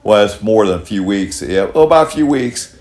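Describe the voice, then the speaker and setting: An older man with a Kentucky accent and a lowish voice tells long stories in a folksy, rambling way. He repeats himself as he chats casually at home on a podcast. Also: lively intonation, brisk, darkish tone. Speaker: podcast host. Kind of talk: casual storytelling chat.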